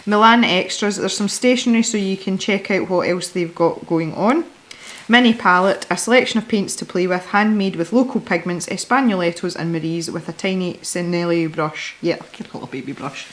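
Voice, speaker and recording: A woman hosting a casual unboxing video, chatty and excitable, giggling often as she opens parcels of art supplies. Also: lowish voice, moderate pace. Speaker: art supply channel host.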